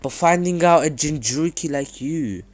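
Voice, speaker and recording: A man voicing a veteran male spymaster who talks in a slow, formal, posh way, with faint music behind. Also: a little high, close to an everyday voice. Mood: measured.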